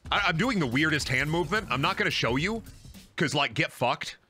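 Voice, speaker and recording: A man's voice: on the high side, lively intonation, fairly quick, bright, forceful tone, soft background music. A man streaming a video game, joking crudely and talking to his chat. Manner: joking, crude, talks to chat, bursts into silly voices. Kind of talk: casual gameplay commentary.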